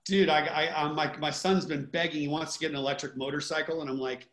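A man's voice: fairly high pitch, fairly even intonation, quick pace, a bit bright. A man chatting casually, teasing and laid-back. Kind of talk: casual chat. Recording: roomy echo.

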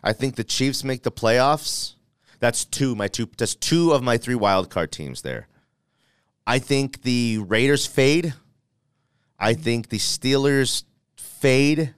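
Male sports talk host, animated and joking, smooth voice, dry close recording. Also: medium pitch, slow pace, no room sound. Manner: animated, playful, thinks aloud with restarts. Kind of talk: casual sports debate.

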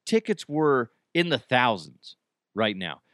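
Animated crude-talking man, dry sound. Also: medium pitch, slow pace, no room sound. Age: middle-aged. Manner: rambling, crude, laughs at own jokes. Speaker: podcast host. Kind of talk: casual comedic monologue.

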